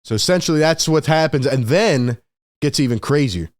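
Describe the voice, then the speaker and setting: A man hosting a casual basketball recap, excitable, laughing often and acting out what the players said. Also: a little high, normal speed, no room sound, studio quality. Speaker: sports video host. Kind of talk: casual game recap commentary.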